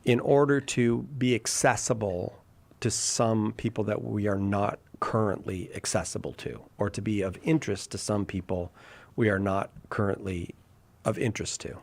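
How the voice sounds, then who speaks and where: A man's voice: fairly low pitch, steady tone, moderate pace, creaky. A man hosting a live call-in talk show, chatting casually and joking about himself while reacting to viewer comments. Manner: joking, self-deprecating, reads viewer comments. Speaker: radio show host.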